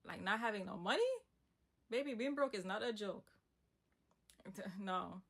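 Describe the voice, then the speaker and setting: A woman's voice: mid-range voice, unhurried. A young woman telling a personal story in a casual, emphatic storytime monologue with asides. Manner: animated, emphatic retelling with asides.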